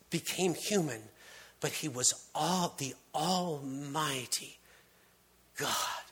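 A man giving a conversational sermon, telling stories with casual restarts and hushed emphasis. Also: on the high side, breathy edge. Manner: casual, storytelling delivery with frequent restarts and dropped-to-hushed emphasis. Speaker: preacher.

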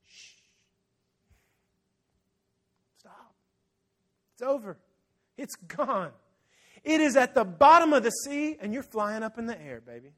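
A man voicing Jesus as a gentle, forgiving adult man who soothes and reassures. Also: high voice, very animated, normal speed, pitched above the performer's own voice, exaggerated voice. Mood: reassuring.

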